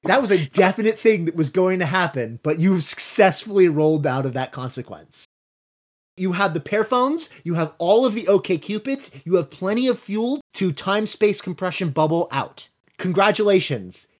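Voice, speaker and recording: A man running a tabletop role-playing game, narrating scenes and calling rolls in a brisk, matter-of-fact way. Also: high voice, expressive. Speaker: game master.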